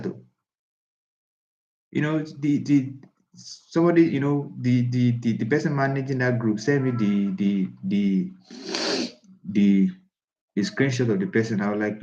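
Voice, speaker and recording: Emphatic trading coach. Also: male voice, mid-range voice, moderate pace, a little mellow, highs cut off. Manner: emphatic, repetitive, preachy. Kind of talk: casual live class talk.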